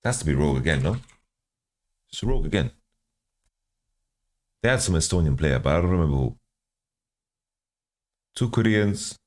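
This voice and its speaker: A man's voice: very deep voice, expressive, normal speed, pauses often, darkish tone. A man streaming, thinking aloud as he guesses team rosters from player nationalities, often repeating words. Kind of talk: casual stream commentary.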